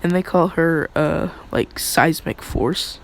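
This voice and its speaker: A man's voice: on the high side, takes it slowly, slight background noise, low-quality recording. A man casually telling a fan story, rambling with many fillers and offhand asides.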